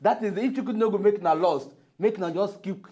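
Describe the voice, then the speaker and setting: A man with a Nigerian accent co-hosting a lively pidgin studio debate, teasing and heckling his co-host with quick interjections. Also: sits high.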